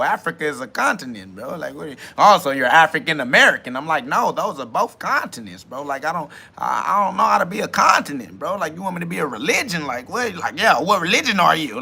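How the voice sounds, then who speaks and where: Man, podcast host, high voice, bright and forceful, profane slang, boastful rant. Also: big pitch swings, brisk, gravelly, hardly any pauses, husky. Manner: loud, boastful, swearing slang rant with bursts of laughter; mimics other people's questions mockingly. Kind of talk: profane self-talk monologue.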